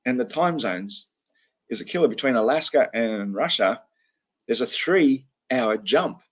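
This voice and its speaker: A man's voice: medium pitch, expressive, unhurried, slightly rough. A man hosting a livestream, chatting casually in a rambling way with frequent ums and restarts. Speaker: livestream host.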